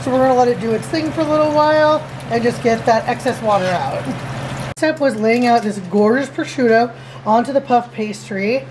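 A woman's voice: fairly high pitch, brisk, noisy background. A woman hosting a casual cooking vlog in a home kitchen, bubbly and giggly. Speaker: vlog host.

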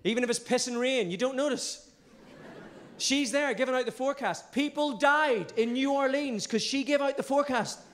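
A man's voice: very high-pitched, moderate pace, fairly bright tone, a little hiss or hum. A man in his thirties with a Northern Irish accent doing a cheeky, brash live stand-up routine on a theatre stage. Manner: brash, cheeky storytelling with swearing. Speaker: stand-up comedian.

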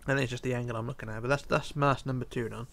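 With a mid-range voice tinged with vocal fry, a weary, yawning tutorial host races through a casual building tutorial for a game. He keeps it relaxed, murmurs block counts as he works, and sometimes drops to almost a whisper.

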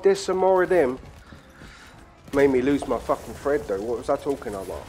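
A man's voice: mid-range voice, moderate pace. Crude man commentating a game. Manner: crude, excitable banter with sudden shouts. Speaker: gaming channel host. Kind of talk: profane casual gameplay commentary.

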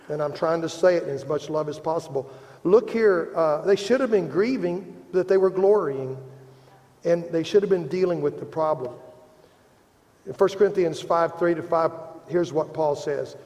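A man's voice: on the high side, dark tone. A man with a Midwestern American accent preaching a sermon as pastor, earnest and self-deprecating, rising in emphasis as he presses a point. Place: church sanctuary. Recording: long hall reverb.

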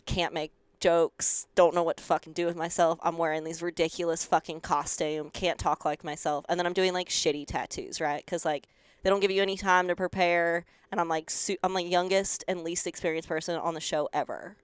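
A young woman with a thick rural Colorado country twang tells her story to an interviewer, her voice low and smooth. She talks loosely and sarcastically, swears often, and acts out the people she quotes. Her voice sounds dry and close, with no room around it. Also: steady tone, fairly quick, no room sound. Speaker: guest.

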